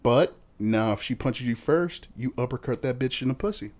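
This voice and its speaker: Male podcast co-host, lively up-and-down delivery, loose crude banter. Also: mid-range voice, normal speed. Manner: lively, laughs often, joking.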